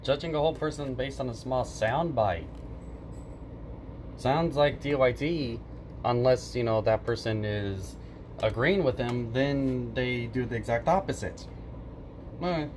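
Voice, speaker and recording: A man's voice: medium pitch, a little slow, long pauses, noisy background. A man giving casual reaction commentary, sarcastic and profane, mocking what he hears with exaggerated mimicry.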